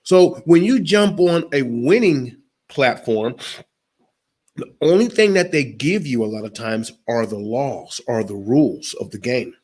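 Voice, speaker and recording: With an expressive, darkish mid-range voice and measured pace, a motivational speaker gives an interview. He's emphatic and preachy, aiming his words straight at the audience.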